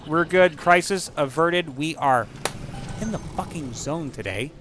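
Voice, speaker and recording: Excitable, foul-mouthed gamer guy. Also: fairly high pitch, a little slow, soft background music. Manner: excitable, profane, breaks into silly rhymes. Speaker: gaming channel host. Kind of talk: casual let's-play commentary.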